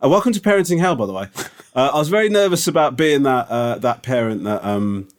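Male podcast co-host, mid-pitched, rambling self-deprecating storytelling. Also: lively intonation, fast talker. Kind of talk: casual chat.

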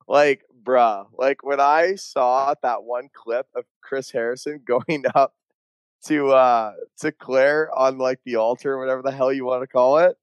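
A man's voice: mid-range voice, fairly even intonation, a little slow, clear, resonant tone, no echo. A young man co-hosting a podcast, chatting casually and laughing, with lots of slang and swearing. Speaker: podcast co-host. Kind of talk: casual chat.

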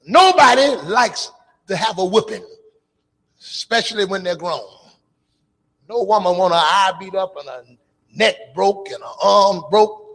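Fervent male preacher, high gravelly voice, church hall reverb, shouts and half-sings. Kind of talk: call-and-response church sermon. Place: church sanctuary.

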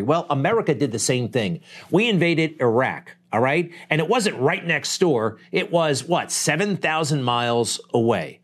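A man's voice: mid-range voice, lively intonation, moderate pace. A man hosting a political commentary show, delivering a blunt, conversational monologue full of rhetorical asides. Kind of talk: opinionated talk show monologue.

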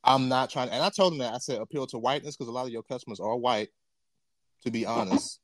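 A man's voice: medium pitch, lively intonation, fast talker, creaky, a crowd in the background. A man in his twenties co-hosting a podcast, talking bluntly and emphatically with lots of swearing. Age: 20s. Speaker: podcast co-host. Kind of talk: casual chat.

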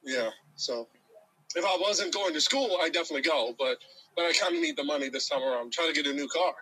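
A man's voice: a little high, fast, sharp tone, slightly rough, rough recording. A young man in casual chat about sports, talking with frequent hesitations and restarts over a call. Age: young adult.

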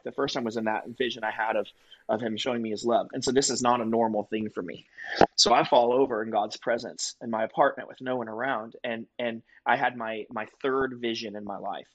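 Appearing as a podcast guest, a man shares his personal faith testimony in an earnest, vivid, conversational way. His medium-pitched voice comes through with lo-fi sound.

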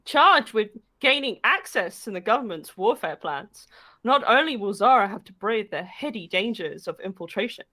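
A woman's voice: mid-range voice, lively intonation, normal speed, sharp tone. Woman, stream co-host, casual chat, giggly, teasing. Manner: giggly, teasing, laughs mid-sentence. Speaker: livestream co-host. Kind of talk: casual chat, playful mock book blurb.

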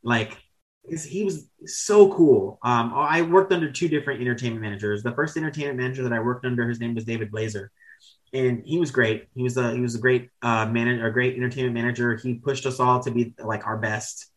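Speaking a little fast in a medium pitch, this thirty-something podcast guest tells frank, meandering stories, dropping casual curses and fixing his own words as he goes. It's a laid-back storytelling conversation on a rough recording.

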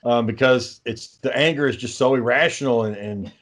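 A man's voice: mid-range voice, moderate pace, fairly bright tone. Man, podcast co-host, profane, rambling, reads out texts. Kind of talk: casual podcast chat.

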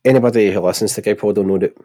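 Co-hosting a football podcast, a nasal-voiced Scotsman rambles through relaxed, joking conversation and laughs a lot. He speaks rapid-fire in a fairly low, steady, mellow tone, with no room sound in the recording.

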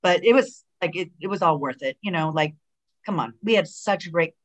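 A lively middle-aged woman, a retired pro wrestler appearing as a guest, tells stories in a casual interview. Her pitch is fairly low and her pace brisk, and she acts out quoted dialogue with many fillers and restarts.

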